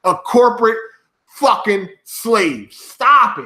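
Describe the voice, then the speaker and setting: Gaming YouTuber, male, high tense voice, mocking rant, roomy echo. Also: lively intonation, slow, sharp tone. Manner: profane, mocking, keeps breaking into laughter. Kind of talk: ranting commentary to viewers.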